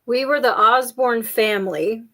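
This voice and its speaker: A woman's voice: a little high, unhurried, fairly bright tone. A woman co-hosting a casual chat, telling jokey stories with lots of laughter. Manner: chatty, jokey storyteller, frequent laughs. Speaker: podcast co-host.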